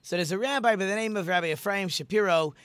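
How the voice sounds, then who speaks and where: A man's voice: high voice, quick pace, fairly bright tone, clear, resonant tone, no echo. A middle-aged man, a rabbi hosting a radio talk show, speaking in a chatty, conversational way with many fillers and restarts as he tells a story.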